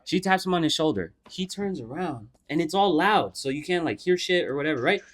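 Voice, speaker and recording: A man's voice: fairly high pitch, brisk. A young man co-hosting a podcast, casually telling a profane story and acting out the people in it. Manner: animated, profane storyteller who acts out the people in his story. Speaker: podcast co-host.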